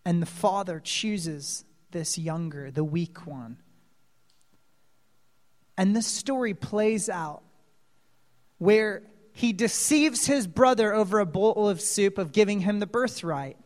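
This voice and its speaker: Man preaching, lively storyteller, quizzes the audience, speaks slowly; large echoing hall. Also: sits high. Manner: animated storyteller, asks the audience questions. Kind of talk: sermon retelling a Bible story. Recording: long reverb of a large hall.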